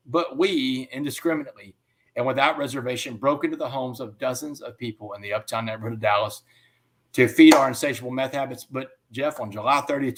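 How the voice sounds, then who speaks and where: A man giving an interview. He tells a personal story in an animated way and often says "man.". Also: medium pitch. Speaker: interview guest.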